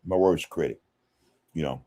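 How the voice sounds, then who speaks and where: Man, podcast host, very low voice, casual livestream chat, slangy, keeps saying man and you know. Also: moderate pace, dark tone, slightly rough. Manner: loose, slangy, addresses viewers directly with frequent "man" and "you know". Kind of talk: casual livestream chat, reading viewer comments.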